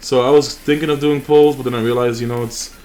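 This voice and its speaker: A man's voice: medium pitch, fairly even intonation, quick pace, darkish tone. A young man hosting a mobile game channel, chatting casually and rambling with fillers and restarts over his gameplay.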